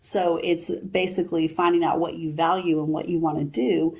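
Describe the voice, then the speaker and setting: A woman in her forties, a business founder, chatting in an interview and retelling advice in lively quoted voices. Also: fairly low pitch, normal speed, gravelly. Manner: animated storyteller, quotes her mother. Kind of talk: casual interview chat.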